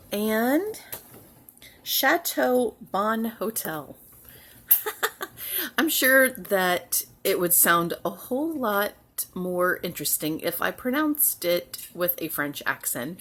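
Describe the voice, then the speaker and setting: A woman hosting a home cross-stitch video, chatting casually and sounding tired, with soft asides that trail off. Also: fairly low pitch. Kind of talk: casual chat to camera.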